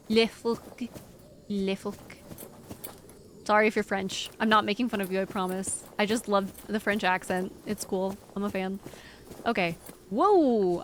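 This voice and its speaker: Young woman, live game streamer, rambling and giggly, mid-range voice, light background noise. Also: medium pitch. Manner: rambling, giggly, talks to chat. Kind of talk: casual live-stream chatter while gaming.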